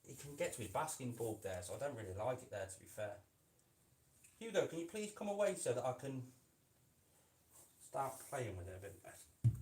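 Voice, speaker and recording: A man's voice: medium pitch, big pitch swings, moderate pace, pauses often, darkish tone. A man hosts a casual live stream, chatting fondly to his pet lizard and calling it "mate" while he works on its enclosure indoors. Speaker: reptile keeper and channel host. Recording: echoey room with faint noise.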